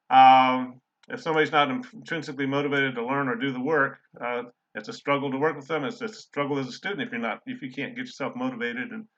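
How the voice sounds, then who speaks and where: A man's voice: mid-range voice, pushed and bright. A middle-aged man, a college English instructor giving a casual, rambling recorded lecture full of fillers. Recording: slightly dull lo-fi audio.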